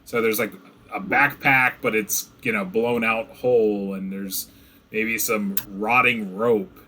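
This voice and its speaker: A man's voice: on the low side, steady tone, slow pace, pushed and bright, slight background noise. A young man narrating as game master in casual, rambling talk full of fillers. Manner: rambling, filler-heavy descriptions. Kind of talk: running a tabletop game, casual.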